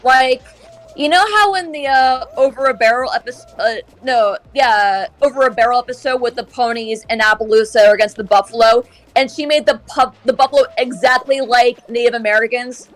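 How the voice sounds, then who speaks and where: High-voiced woman ranting opinionatedly. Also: normal speed. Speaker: streamer. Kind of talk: casual chat while gaming.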